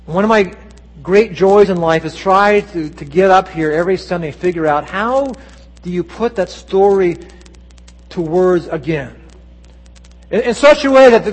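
A male pastor delivering a Sunday sermon in a church, telling stories earnestly with dramatic voiced quotes. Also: sits high. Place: church sanctuary. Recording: long church reverb.

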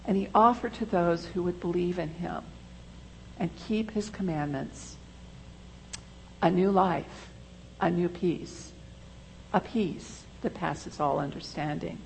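A woman pastor delivering a sermon in a church, slow and deliberate, with emphatic rises. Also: on the low side, creaky, slight background noise, rough recording.

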